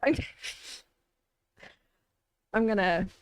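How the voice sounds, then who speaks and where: A woman's voice: mid-range voice, very slow, a little hiss or hum. A woman playing a tabletop game, talking in a playful, giggly way. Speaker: player. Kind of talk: casual tabletop role-play.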